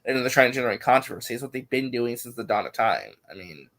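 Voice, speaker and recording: A man's voice: medium pitch, animated, fast talker, fairly bright tone. A man hosting a casual online live show, blunt and profane, often repeating himself. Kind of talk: casual chat.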